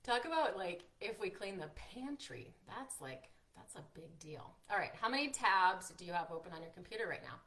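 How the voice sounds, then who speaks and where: A woman hosting a live-streamed workshop, chatty and encouraging, reading out viewers' comments and filling pauses with "like" and "um". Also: medium pitch, big pitch swings, a bit bright. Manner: encouraging, frequent fillers like "like" and "um". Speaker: workshop host and coach.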